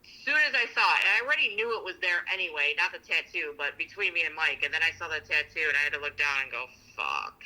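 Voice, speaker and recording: A woman co-hosting a relationship podcast, telling stories in a blunt, profane, animated way. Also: on the low side, rapid-fire, hardly any pauses, rough recording. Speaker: podcast co-host. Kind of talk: casual chat.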